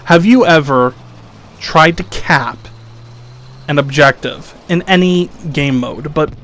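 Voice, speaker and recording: This young gaming commentator has a fairly high, fairly bright voice and takes things slowly. Talking over gameplay footage, he sounds exasperated and sarcastic, mimicking his critics in whiny voices to mock them.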